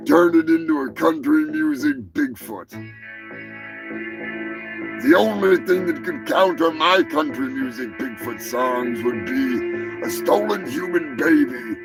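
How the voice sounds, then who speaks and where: A man with a gravelly, fairly high voice hosts a live comedy show. He rants in a crude, profane, joking way, taking his time over each line. Music plays clearly underneath him. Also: rough recording. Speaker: host.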